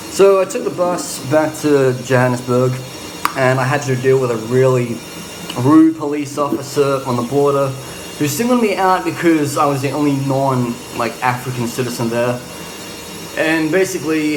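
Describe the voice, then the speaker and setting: A man's voice: medium pitch, roomy sound, noisy background. A young man from Australia talking bluntly in a casual travel vlog, ranting and often restarting his sentences. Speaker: travel vlogger.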